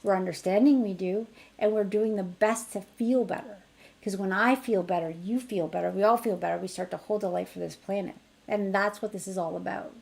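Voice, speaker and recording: A middle-aged woman teaching an energy healing technique in a chatty online class, her voice rising brightly when she acts out what she tells others. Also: mid-range voice, steady tone, a little fast, gravelly, hardly any pauses. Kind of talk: casual online teaching demonstration.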